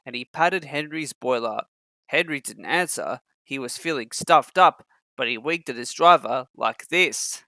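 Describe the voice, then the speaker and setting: Bright-voiced man reading a storybook. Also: medium pitch, measured pace, no room sound. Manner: expressive, acting out every character. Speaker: narrator. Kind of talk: reading a children's storybook aloud.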